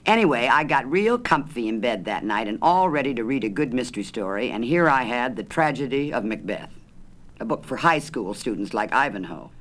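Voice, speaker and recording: A man's voice: mid-range voice, animated, a little fast, fairly bright tone, a little hiss or hum. Man reading a wry humorous story. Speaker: narrator.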